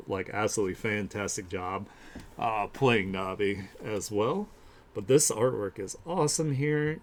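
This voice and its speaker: Man, lowish voice, casual streamer chat, rambling with fillers, enthusiastic about art. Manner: rambling and upbeat, many fillers and restarts; gushes over the artwork he shows. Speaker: streamer hosting an art share. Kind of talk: casual live-stream commentary.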